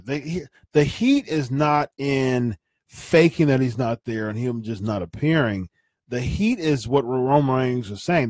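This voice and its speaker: A man's voice: mid-range voice, a little mellow, no room sound, clean studio sound. A man hosting a wrestling podcast, giving casual opinion commentary in an opinionated way, often repeating and restarting his phrases.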